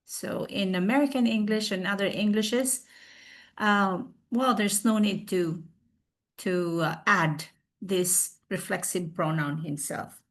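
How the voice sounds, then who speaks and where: Woman giving a class over a video call, slow and careful, lots of uh and um. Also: mid-range voice, fairly bright tone. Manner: slow, explanatory, with many fillers and restarts. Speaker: presenter. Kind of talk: recorded online class presentation.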